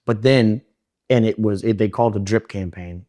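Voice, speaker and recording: A young man telling his story in an interview, rushing in run-on sentences full of fillers and restarts. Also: fairly low pitch, dark tone, no room sound, studio quality. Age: young adult. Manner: fast, run-on talk with many fillers and restarts. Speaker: interview guest.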